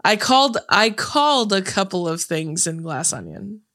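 A woman talks casually and quickly with a friend on a podcast. Her voice is bright and forward, with an easy middle pitch. She laughs between opinions. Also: big pitch swings. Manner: chatty, quick, laughing asides. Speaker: podcast co-host. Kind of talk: casual chat.

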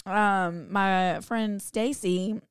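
A woman chats and jokes as a podcast co-host. Her voice is a little hoarse. The sound is dry and close, with no room echo. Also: mid-range voice, fairly even intonation, very slow. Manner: chatty, jokey, laughs often. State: slightly hoarse from a lost voice. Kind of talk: casual chat.

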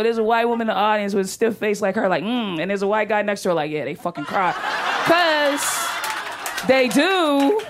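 A woman's voice: sits high, background noise. A woman stand-up comedian performing a set, talking in a brash, profane, conversational way and landing punchlines.

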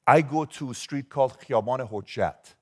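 An emphatic man in his forties from Iran addresses a live audience as a motivational speaker. His pitch sits in the middle of the range and swings widely as he presses the crowd with rhetorical questions. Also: moderate pace, breathy edge. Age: 40s.

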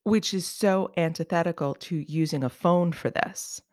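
A podcast co-host with a mid-range voice, talking casually in a wry, animated way and exaggerating for laughs. The sound is dry and close on a podcast mic. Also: medium pitch, moderate pace, dry recording. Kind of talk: casual chat.

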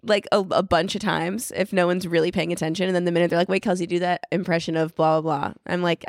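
A woman co-hosting a podcast in casual chat, teasing and quick to laugh. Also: fairly low pitch, level tone, no room sound, clean studio sound. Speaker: podcast co-host.

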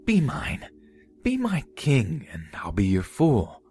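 A man's voice: mid-range voice, wildly swooping pitch, slow pace, darkish tone, soft background music, pitched above the performer's own voice. A man voicing a deranged male clown stalker who croons sing-song, lovesick taunts. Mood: crooning, menacing.

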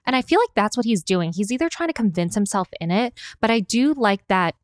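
A woman co-hosting a podcast, chatting casually and hedging, sometimes drawing her words out slowly. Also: mid-range voice, lively intonation, no room sound, studio quality. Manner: hedging, drawn-out phrases. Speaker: podcast co-host. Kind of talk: casual recap chat.

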